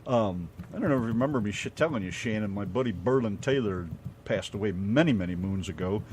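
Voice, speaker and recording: Lively, rambling American radio guy. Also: lowish voice, quick pace, slight background noise. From United States. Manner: loose, rambling storyteller, swears casually. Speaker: radio show co-host. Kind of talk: casual radio banter.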